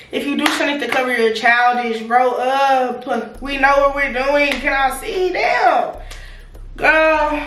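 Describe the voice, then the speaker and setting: A young woman telling a frank, profane personal story straight to her viewers, animated, laughing and sometimes dropping to a near-whisper. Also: high voice, reverberant, a little hiss or hum. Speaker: vlogger. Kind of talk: casual storytime.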